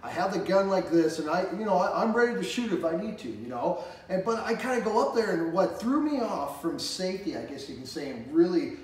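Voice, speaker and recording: A man tells his side of a frightening discovery in casual chat, with a fairly high voice and quick laughs between sentences. He sounds a little distant from the mic in a very echoey room with faint noise behind him. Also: sing-song, a little mellow. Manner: earnest, with quick laughs and acted-out reactions. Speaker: treasure hunter. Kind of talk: casual recap storytelling.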